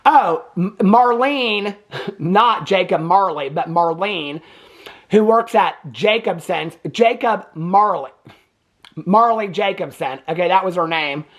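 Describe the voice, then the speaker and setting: A woman's voice: medium pitch, slow pace. Sassy Southern woman reviewing a movie. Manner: sassy, chatty, keeps saying "okay?" and "baby"; laughs often. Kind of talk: casual movie review rant.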